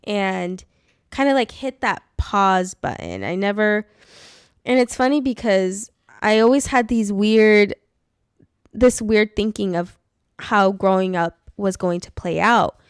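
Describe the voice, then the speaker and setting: Smooth-voiced woman telling a story. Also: mid-range voice, expressive, slow, no echo, studio quality. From California. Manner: rambling storytelling with frequent "like" and laughs. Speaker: podcast co-host. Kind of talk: casual chat.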